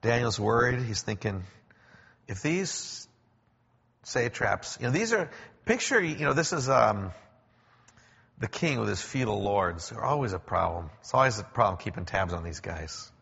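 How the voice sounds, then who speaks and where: A male preacher talks through a sermon in a low, gravelly, husky voice. He explains things in a conversational way, with pauses and restarts. The church recording is echoey and dull. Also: animated, fairly bright tone. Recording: echoey hall, dull lo-fi sound.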